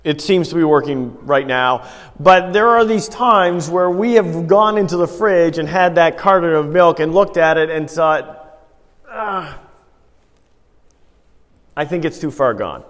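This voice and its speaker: A man's voice: fairly high pitch, a little slow, fairly bright tone. A man preaching a sermon, telling everyday stories in a conversational way and putting rhetorical questions to the congregation. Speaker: pastor. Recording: long hall reverb.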